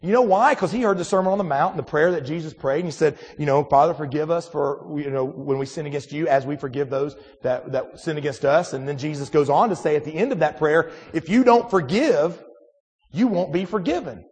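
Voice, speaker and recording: A man preaching a sermon in a relaxed, conversational way, full of restarts and rhetorical questions to the congregation. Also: on the high side, a little fast, slightly rough, in a large hall. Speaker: pastor.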